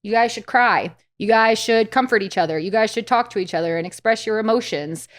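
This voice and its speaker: A woman's voice: fairly high pitch, fairly quick. A young woman guesting on a comedy talk show, giving blunt, emphatic opinions in casual chat with a joking edge.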